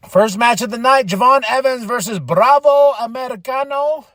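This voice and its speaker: Excitable man recapping wrestling. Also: very high-pitched, dry recording. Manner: excitable, quotes people in quick voices. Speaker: podcast host recapping wrestling. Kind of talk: casual recap monologue.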